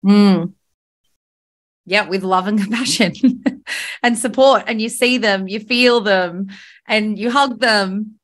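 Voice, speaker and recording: A woman's voice: medium pitch, slow pace, long pauses. A woman, hosting a podcast in a candid, casual chat full of fillers and the odd swear. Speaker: podcast host.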